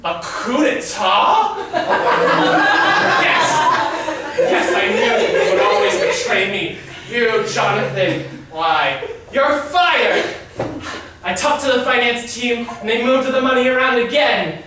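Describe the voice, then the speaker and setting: A man's voice: extremely high pitch, lively intonation, slow pace, heavy background noise, pitched above the performer's own voice, heavily acted. A man playing a boisterous, grandiose company boss in live solo improv. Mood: outraged. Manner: blustering, grandiose showman. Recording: echoey stage from far off.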